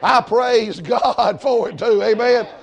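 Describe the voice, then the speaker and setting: Man, Southern US accent, preacher, folksy sermon storytelling, emphatic, bursts of shouting, high voice. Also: slow, vocal fry, muffled recording. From Georgia, US.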